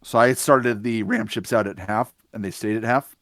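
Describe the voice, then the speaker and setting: A man running a tabletop space game as game master, explaining rules in a relaxed, matter-of-fact way. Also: lowish voice, moderate pace, dry recording, clean studio sound.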